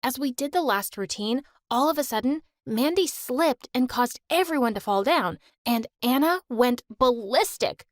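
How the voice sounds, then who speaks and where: A young woman narrating her own story in the first person, animated and expressive. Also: fairly high pitch, unhurried, hardly any pauses, no echo, clean studio sound.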